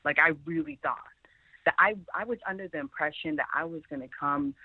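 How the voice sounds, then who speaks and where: A woman's voice: low-pitched, a little fast, husky, dry recording. A young woman in her twenties from Sierra Leone recounts her past to an interviewer, earnest and leaning on "like" and "really". Her voice comes through a thin, phone-like line. The sound is dry and close. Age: 20s. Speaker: guest. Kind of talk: personal storytelling interview.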